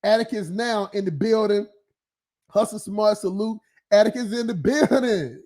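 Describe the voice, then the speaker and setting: A man's voice: high voice, moderate pace, darkish tone. A man hosting an open-topic live stream, ranting casually and profanely with frequent laughs and filler phrases. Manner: profane, rambling, laughs often, filler-heavy.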